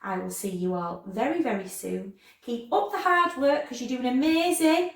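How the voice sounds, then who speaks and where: A woman with a fairly high voice teaches young children their letter sounds, stretching each word out slowly and lifting her voice on playful questions. She sounds a little distant from the microphone, and the room around her is echoey. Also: vocal fry, soft background music. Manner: slow, exaggerated sounding-out of words; animated, sing-song questions to children. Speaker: primary school teacher. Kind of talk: children's phonics lesson.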